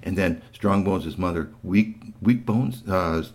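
A man telling a children's story aloud, animated, with sound effects and playful asides. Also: deep voice, takes it slowly.

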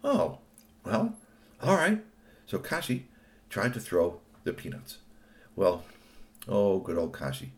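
A man telling an improvised children's story in an animated, playful way. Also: fairly low pitch, slow pace, long pauses.

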